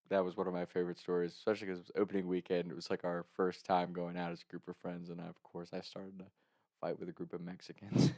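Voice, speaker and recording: A young man tells a story in a relaxed, chatty way and breaks into small laughs along the way. His voice sits a bit low, and it sounds close and dry, with no room echo. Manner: chuckles often while telling a story. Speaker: podcast host. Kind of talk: casual storytelling.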